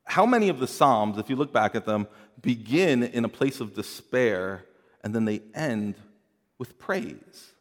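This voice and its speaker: A man's voice: medium pitch, expressive, unhurried. Earnest preaching man in a reverberant hall. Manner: earnest, swings from hushed to rising emphasis, repeats words. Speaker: pastor. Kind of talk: sermon.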